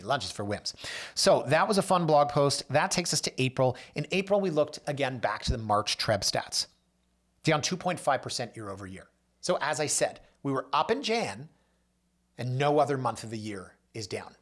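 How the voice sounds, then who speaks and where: A man hosting a real estate show, telling client stories in a casual monologue and acting out the people he quotes. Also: a bit bright. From Canada. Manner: storytelling, acts out quoted voices with big pitch jumps. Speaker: realtor and show host.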